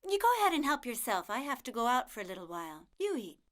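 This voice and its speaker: A kind, fussing cartoon mother, gently doting on everyone around her. Her voice sits a little high and stays warm and motherly. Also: big pitch swings, fast talker. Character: kind motherly older village woman.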